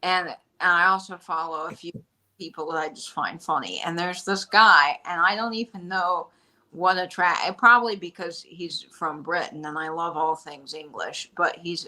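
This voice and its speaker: A woman hosting a casual live-stream chat, telling stories in an animated, chatty way. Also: fairly low pitch, unhurried, low-quality recording. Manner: chatty storyteller, animated retelling. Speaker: shop host.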